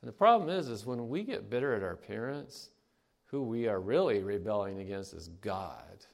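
An older man giving a conversational sermon, pausing often and clearing his throat between thoughts. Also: lowish voice, expressive. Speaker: preacher. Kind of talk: sermon with anecdotes.

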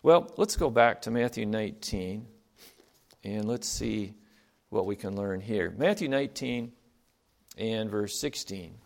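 A man's voice: on the low side, lively intonation, measured pace, vocal fry, darkish tone. Man preaching a conversational sermon. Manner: conversational, asks rhetorical questions. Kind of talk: sermon with scripture reading.

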